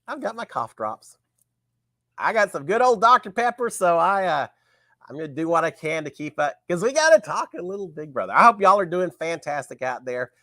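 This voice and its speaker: Raspy sick guy hosting a live show, lively up and down voice, dry close sound. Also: sits high, brisk, no room sound. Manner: greets viewers by name, folksy and chatty. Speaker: show host. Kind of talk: casual live-stream chat.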